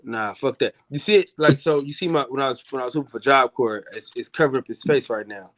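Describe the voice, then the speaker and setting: A man's voice: mid-range voice, fast, fairly bright tone, no echo. A man in a casual chat, joking crudely and talking loosely. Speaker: panel guest.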